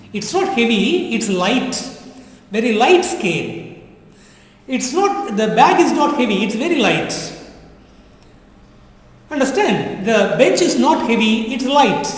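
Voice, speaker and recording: Slow, lively man teaching in echoey room. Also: very high-pitched. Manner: slow, repetitive drilling with quizzing questions. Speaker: French teacher. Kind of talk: classroom language lesson. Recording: very echoey room with long reverb.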